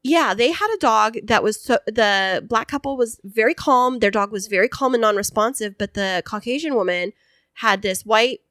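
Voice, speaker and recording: A woman's voice: a little high, normal speed, a bit bright, dry recording, studio quality. A woman co-hosting a podcast, telling a story in a casual chat and acting out the voices of the people in it. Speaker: podcast co-host.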